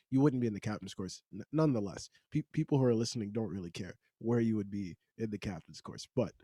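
A man with a mellow, warm voice hosts a casual podcast chat, rambling along and restarting his sentences. His voice sounds dry and close, with no room around it. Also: medium pitch, no echo. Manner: conversational, rambling, frequent restarts. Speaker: podcast host.

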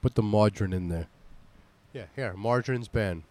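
A man's voice: lowish voice, normal speed, darkish tone, a little hiss or hum. A man with a New Jersey accent co-hosting a podcast, blunt and crude in casual chat. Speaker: podcast co-host.

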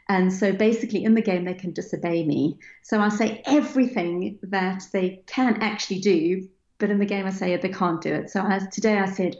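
A woman's voice: mid-range voice, a little mellow. A woman answering interview questions about raising children, explaining earnestly and sometimes acting out playful parent voices. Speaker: parenting expert guest. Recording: roomy, dull lo-fi sound.

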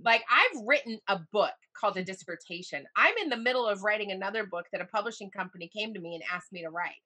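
A middle-aged woman as a podcast guest, talking in a casual, animated way and turning vivid when she retells moments from her life. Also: quick pace. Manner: animated storyteller, voice jumps high in retold moments. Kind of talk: casual interview chat.

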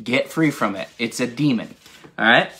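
A man's voice: medium pitch, expressive, normal speed, sharp tone. A man giving an informal, enthusiastic bible teaching, rambling into asides and laughing at himself. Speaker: preacher.

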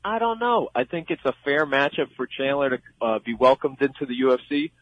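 This guest fight analyst, a man with a Long Island accent, talks fairly quickly at a medium pitch while forcefully predicting fights on sports radio. He's opinionated and leans on the phrase "I believe" again and again. There's no echo, though the audio has that dull lo-fi radio feel.

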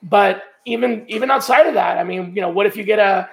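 A man's voice: high voice, a little fast, gravelly, a bit bright. A man speaking as a podcast guest, explaining his working methods step by step in a casual, conversational way with frequent restarts. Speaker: guest, sourcing trainer.

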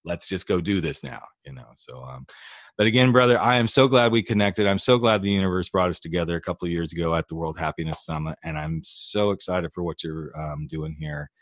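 A man's voice: low-pitched, brisk, no echo, clean studio sound. A man hosting a podcast, chatting casually and effusively with his guest, laughing often, then closing the show with an upbeat sign-off. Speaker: podcast host. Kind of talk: casual interview chat.

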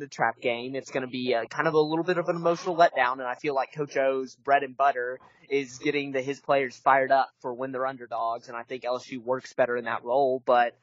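A man on a podcast, animated and incredulous, rambling casually about college football bets. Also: medium pitch, brisk, no room sound. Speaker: podcast co-host. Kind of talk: casual sports-betting chat. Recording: dry, muffled close-mic podcast audio.

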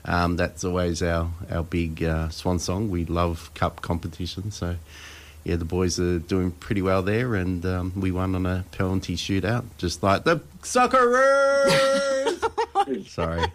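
A man co-hosting a radio show, easygoing and quick to laugh. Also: low voice, little pitch movement. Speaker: radio co-host, soccer club rep. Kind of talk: casual radio chat.

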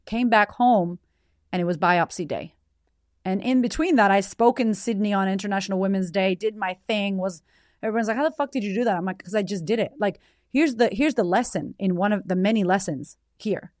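A woman in her thirties hosting a podcast, telling a personal story in a blunt, animated way with frequent swearing. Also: mid-range voice, a little fast, no room sound, clean studio sound. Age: 30s. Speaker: podcast host. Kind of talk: candid personal storytelling monologue.

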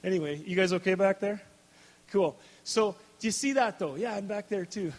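A man with a high voice preaches a storytelling sermon to a live crowd. He speaks in an animated way, laughs often and breaks off to restart his sentences. The sound rings with the long reverb of a large hall. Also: normal speed.

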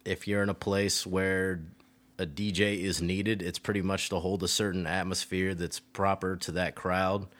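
A man's voice: deep voice, level tone, moderate pace, fairly bright tone. Loose, profane man telling stories. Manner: loose and profane, frequent laughs and restarts. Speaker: DJ guest. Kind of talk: casual storytelling chat.

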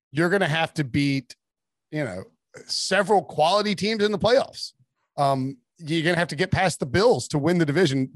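A man talking casually as a sports writer guest on a podcast, rambling with quick asides and restarts. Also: on the high side, dry recording, studio quality.

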